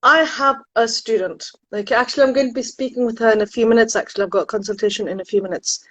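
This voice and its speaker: A woman with a slightly high voice talks quickly as she chats with live-stream viewers from home, where she works as a university admissions consultant. She is lively and exclaims a lot, and the recording is dry and rough.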